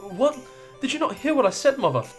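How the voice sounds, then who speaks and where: A man's voice: very high voice, big pitch swings, a little fast, faint music behind, pitched above the performer's own voice. A man reading the lines of an anxious young noble son, flustered and pleading.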